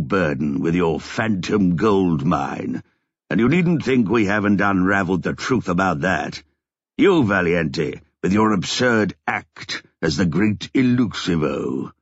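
A man's voice: deep voice, husky, no room sound, muffled recording, exaggerated voice. A man voicing a smug, menacing government official who sneers and slips into East End slang.

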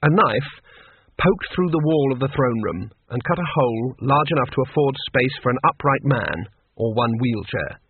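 Guy reading an audiobook, dry measured delivery, dead dry sound. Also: mid-range voice, lively intonation, husky, dry recording. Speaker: narrator. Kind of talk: audiobook narration. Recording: tinny phone-like dry sound.

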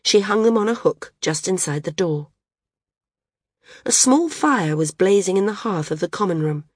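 A woman reading a novel aloud as an audiobook narrator, in a measured, unhurried storytelling manner. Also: mid-range voice, lively intonation, slightly rough, no room sound, studio quality. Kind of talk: scripted narration.

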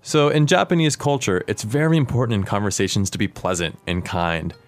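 Low-voiced man teaching a podcast lesson. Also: a little fast. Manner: clear, explanatory, asks his co-host questions. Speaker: language teacher and podcast host.

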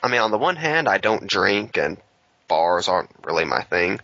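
A man's voice: deep voice, very animated, normal speed, gravelly, bright, forceful tone, dry recording, dull audio. A man co-hosting a casual podcast chat, making dry, wry quips. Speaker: podcast co-host.

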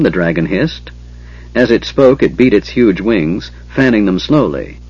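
A man narrating a fantasy audiobook in a steady, measured way. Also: on the low side, breathy edge. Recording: dull lo-fi audiobook recording.

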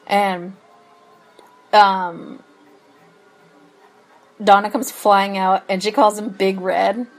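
A woman chatting on a podcast about a TV episode. She talks slowly and unhurriedly, drifting off track and laughing as she goes. Her pitch sits in an ordinary middle range. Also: little pitch movement, poor audio. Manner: slow, meandering, laughs often, loses her place. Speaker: podcast co-host. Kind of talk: casual chat recapping a TV episode.

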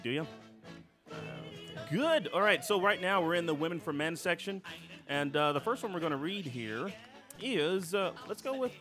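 A man hosting a casual podcast, reading listings aloud and laughing often. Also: a little high. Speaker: podcast host.

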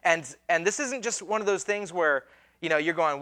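A man delivering a sermon as a pastor, his voice sitting high for a man. He talks casually and conversationally, slipping in slang and acting out the people in the story. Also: moderate pace, bright, forceful tone. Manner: casual, conversational preaching with slang and acted-out quotes.

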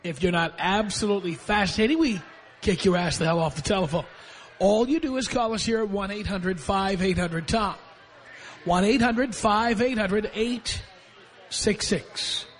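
Domineering, high-voiced radio host. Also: male voice, moderate pace, slight background noise. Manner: domineering, sarcastic, lecturing. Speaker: radio talk show host. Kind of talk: confrontational call-in radio. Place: radio studio. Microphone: studio microphone.

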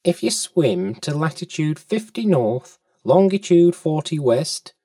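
A man voicing a small, crafty male fish in a storybook reading, speaking in a small soft voice with formal, wheedling courtesy. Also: fairly high pitch, very animated, takes it slowly, no echo, clean studio sound, distant mic. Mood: sly, coaxing.

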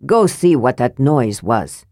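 A woman's voice: rumbling low, very animated, slow, mellow, no room sound, clean studio sound, pitched below the performer's own voice, heavily acted. A woman voicing a proud, towering male dwarf warlord who speaks grandly and with self-importance in an audiobook.

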